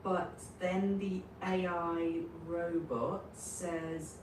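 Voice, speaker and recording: A woman improvising and narrating a silly school story in a slow, animated way, heard from a distance in a roomy, noisy space. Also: on the low side. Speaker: story co-writer.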